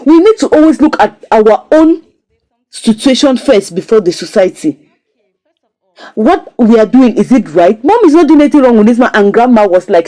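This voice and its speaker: A woman giving a casual, expressive recap and critique of a drama series episode. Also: fairly high pitch, moderate pace, poor audio. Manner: animated, expressive storytelling. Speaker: series reviewer.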